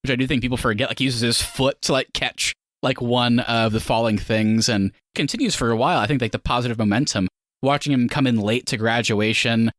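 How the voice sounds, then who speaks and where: A man's voice: medium pitch, a little fast, fairly bright tone, no echo, studio quality. A man co-hosting a casual film review chat, rambling and leaning on "like" as he acts out scenes. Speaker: podcast co-host.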